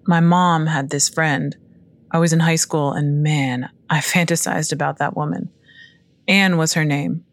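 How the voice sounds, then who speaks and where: A woman's voice: low voice, fairly even intonation, a little slow. A woman voicing a cocky young hippie man who talks in casual slang and turns defensive. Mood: confiding.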